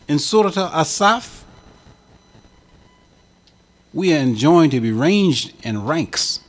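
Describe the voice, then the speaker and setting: A man's voice: fairly high pitch, animated, slow pace, long pauses. A man preaching a sermon as imam, with an impassioned cadence that swells and drops. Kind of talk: Friday sermon.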